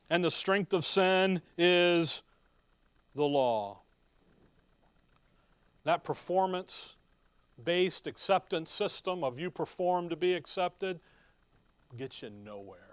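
A man's voice: fairly high pitch, clear, resonant tone, no echo. A man preaching a sermon in a folksy, emphatic way, reading scripture and asking his congregation rhetorical questions. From Midwestern United States. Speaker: pastor.

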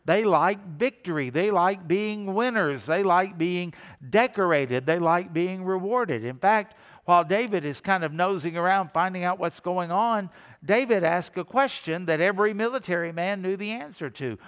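A man's voice: sits high, moderate pace, a bit bright, clean tone, long reverb tail. A male pastor preaching a sermon in a conversational way, acting out the voices he quotes.

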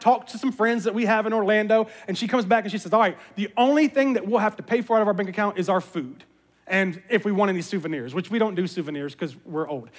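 A man, a pastor, giving a sermon as an animated, self-mocking storyteller. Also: high voice. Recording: long reverb of a large hall.

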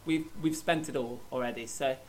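A man's voice: medium pitch, normal speed, noisy background. A man co-hosting a comedy podcast in a cheeky, joking way, often echoing his partner. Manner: cheeky, echoes his co-host. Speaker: podcast co-host. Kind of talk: absurdist comedy podcast chat.

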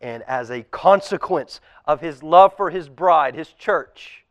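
Impassioned high-voiced male preacher. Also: expressive, slow pace, no echo. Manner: impassioned, swinging from loud to hushed. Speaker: pastor. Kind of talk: sermon. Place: church auditorium.

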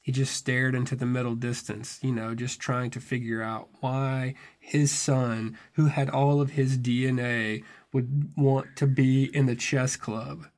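A man's voice: mid-range voice, little pitch movement, a little slow, few pauses, a little mellow. A man telling a personal story in a wry, self-deprecating, conversational way, full of casual fillers. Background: music score.

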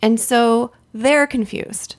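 A woman's voice: a little high, steady tone, slow pace. A woman co-hosting a podcast, telling travel and family stories in a chatty, rambling way and laughing often. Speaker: podcast co-host. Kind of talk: casual chat.

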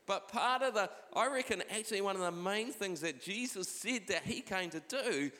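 A man's voice: high-pitched, expressive, moderate pace, sharp tone. A man, a pastor giving a conversational sermon with scripture readings, recorded live in a church hall. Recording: live hall with long reverb.

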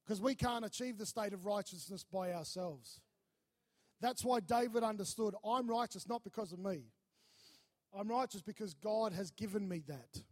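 A man preaching a sermon, telling a lively story and acting out the voices in it. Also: high voice, moderate pace. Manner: animated, acts out voices in his stories. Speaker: pastor.

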